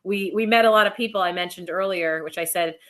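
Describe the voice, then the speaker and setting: Bright-voiced woman guest, chatty. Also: fairly low pitch, fast. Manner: chatty, animated storytelling. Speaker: independent wrestler, guest. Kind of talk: casual chat.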